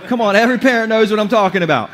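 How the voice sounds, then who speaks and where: Man, pastor, high voice, playful, laughing, sermon to a church crowd. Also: very fast. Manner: playful, joking, laughs often. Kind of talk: humorous sermon. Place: church basement before a congregation.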